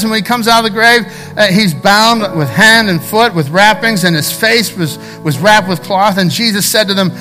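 Bright-voiced impassioned preacher man. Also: sits high, normal speed, few pauses, soft background music. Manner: passionate, swings from loud exclamations to hushed intimate asides; conversational preaching with repeated phrases and direct address to the congregation. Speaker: pastor. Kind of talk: sermon.

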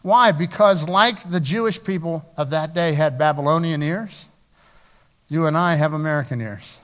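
Man preaching. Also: a little high. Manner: conversational preaching, rising to emphatic slowed scripture reading. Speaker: pastor. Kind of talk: sermon.

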